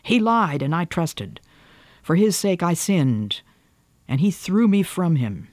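A man's voice: sits high, big pitch swings, slow, dry recording, studio quality, exaggerated voice. A man reading an audiobook voices a bitter, proud young woman who answers with cold scorn and breaks into fierce outbursts.

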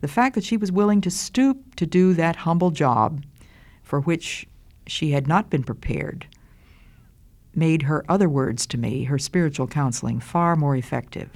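An older woman giving a Christian devotional talk in a slow, deliberate, earnest way. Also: low voice, lively intonation, darkish tone. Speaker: Christian speaker.

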